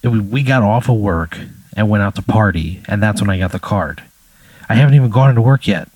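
A comedian answering a wild hypothetical with dry, exasperated reactions. His voice runs somewhat low, and the recording is close and very dry. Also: brisk, darkish tone, slightly rough, no echo, low-quality recording. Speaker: comedian guest. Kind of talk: casual comedic banter.

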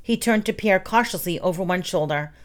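A woman reading children's stories aloud in a soft, steady narration. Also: fairly low pitch, brisk.

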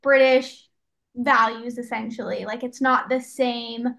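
A woman host with a high voice works her way into a question, pausing on fillers as she goes. Her phrasing is searching and relaxed. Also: vocal fry. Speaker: podcast host. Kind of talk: interview questions.

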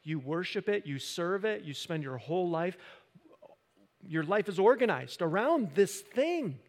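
A pastor preaching a sermon into a microphone, building from quiet talk to loud, impassioned emphasis. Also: male voice, high voice, big pitch swings, measured pace. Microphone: handheld or stand microphone. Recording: reverberant hall.

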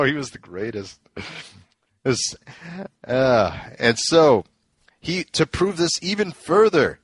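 A man's voice: on the high side, fairly bright tone, husky, dry recording. A man co-hosting a casual podcast, eagerly recounting old events and laughing often. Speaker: podcast co-host. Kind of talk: casual storytelling chat.

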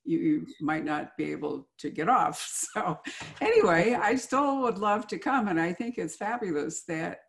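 Creaky-voiced woman interviewer, chatty. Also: lowish voice. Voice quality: chatty, enthusiastic. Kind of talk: casual interview.

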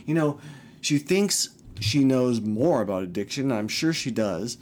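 A man's voice: mid-range voice, expressive, unhurried, a little mellow, a little hiss or hum. A young man venting a personal story, agitated and upset, swearing often and restarting his sentences.

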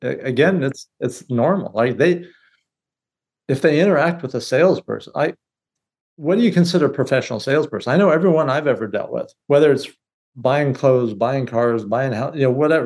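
A man's voice: mid-range voice, darkish tone. A man who is a guest on a podcast interview, speaking bluntly and with energy, often restarting his phrases. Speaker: guest, real estate business leader. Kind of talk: casual interview conversation.

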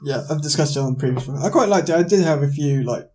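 A relaxed man talking books on a podcast with a friend. His voice sits a little high for a man. He laughs readily and often drifts into a pause while he gathers his thoughts. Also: slightly rough. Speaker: podcast co-host. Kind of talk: casual chat about books and films.

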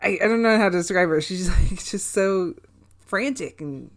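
A woman's voice: mid-range voice, moderate pace. A woman co-hosting a podcast, chatting casually about a film. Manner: chatty, laughs easily. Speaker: podcast co-host.

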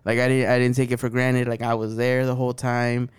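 A man's voice: mid-range voice, flat delivery, fairly quick, smooth. A man in his thirties co-hosting a podcast, chatting casually with lots of profanity, filler words and laughs. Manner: laid-back, profane, laughs often, lots of "like". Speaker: podcast co-host. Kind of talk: casual chat.

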